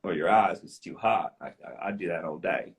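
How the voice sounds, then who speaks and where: A young adult man, an actor and dialect coach, chatting in a relaxed, playful way on a live video stream. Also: sits low, moderate pace, a little hiss or hum. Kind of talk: casual live-stream chat. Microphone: phone on a live video stream.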